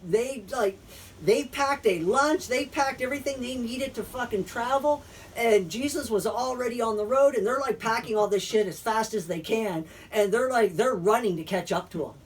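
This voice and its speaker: A friend in a faith discussion casually retells a story, rambling with filler words and swearing. His voice is extremely high-pitched with a breathy edge, at normal speed, picked up by a distant mic.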